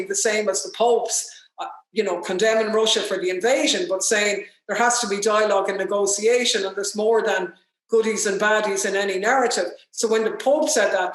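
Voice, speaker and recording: Indignant Irish woman in an echoey room. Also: mid-range voice. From Ireland. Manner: indignant, forceful, quick bursts. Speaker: politician speaking at a webinar. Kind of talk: impassioned political speech. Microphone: video call.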